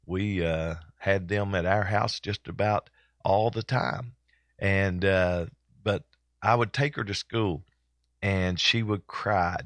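Folksy older man, very deep. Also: a bit bright, dry recording. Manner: folksy, rambling with many pauses and fillers. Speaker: church broadcast host. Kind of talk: casual chat.

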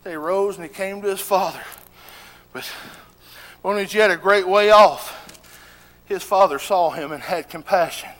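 A man pastor preaching a sermon, building into impassioned shouts and using folksy rural grammar. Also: high-pitched. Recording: long reverb of a church hall.

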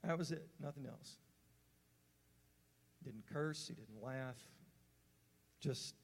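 A man's voice: medium pitch, takes it slowly, gravelly, pauses often. Man preaching in a reverberant hall. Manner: conversational, earnest, fillers and restarts. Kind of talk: sermon storytelling.

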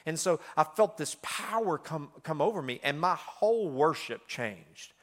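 A middle-aged man preaching a sermon in a chatty style full of fillers, swinging between loud passages and hushed ones. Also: a little high, animated, measured pace.

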